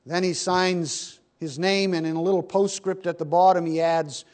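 A man preaching a sermon, swinging between hushed lines and loud, emphatic bursts. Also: sits high, steady tone, normal speed.

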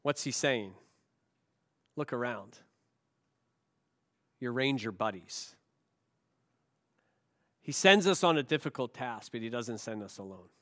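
An expressive male pastor with a medium-pitched voice preaches a sermon built on rhetorical questions. Some lines come hushed and slow, others loud and emphatic.

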